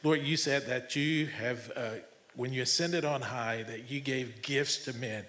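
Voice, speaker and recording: A man's voice: medium pitch, measured pace, sharp tone. A man leading an earnest commissioning prayer in a church service. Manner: fervent, earnest praying. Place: church sanctuary.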